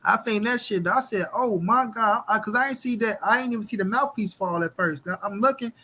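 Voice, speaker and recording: A man hosting a casual boxing talk show, animated and heavy with cursing. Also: sits high, a little fast. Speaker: host.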